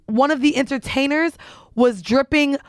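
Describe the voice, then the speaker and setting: A woman's voice: high voice, normal speed, no room sound, clean studio sound. A woman co-hosting a casual podcast, chiming in bluntly with crude details. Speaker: podcast co-host. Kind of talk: casual chat.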